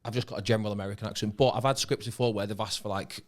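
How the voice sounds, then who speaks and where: A man with a Manchester accent talks through his acting work in loose podcast chat. His voice sits a little low. He is relaxed, swears casually and often leaves sentences hanging. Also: racing. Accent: Mancunian. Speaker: actor and podcast guest.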